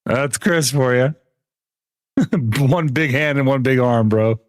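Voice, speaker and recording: A man's voice: medium pitch, slow, no room sound, studio quality. A young man streaming a video game, chatting casually with viewers, laughing often and explaining game mechanics. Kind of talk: casual gameplay commentary.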